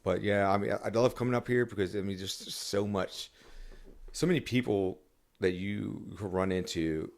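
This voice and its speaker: Deep gravelly man, rambling chat. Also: normal speed. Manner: rambling, with many restarts and fillers. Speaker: songwriter guest. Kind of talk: casual podcast conversation.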